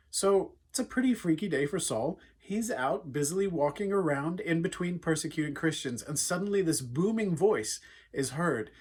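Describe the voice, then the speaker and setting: A man's voice: on the high side, expressive, normal speed, slightly rough. A man giving an earnest, conversational devotional talk for young people, retelling a Bible story. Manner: earnest, conversational, with frequent fillers. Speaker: youth speaker.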